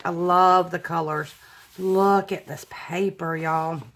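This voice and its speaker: A woman's voice: fairly low pitch, fairly even intonation, slow pace. A woman hosting a casual craft unboxing vlog, gushing and exclaiming over everything she opens. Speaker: craft channel host.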